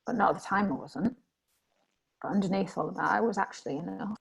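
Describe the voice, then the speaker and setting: Woman guest, raspy and gravelly, candid and reflective. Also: medium pitch, fast talker, poor audio. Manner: candid and animated when reenacting herself. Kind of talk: reflective conversation.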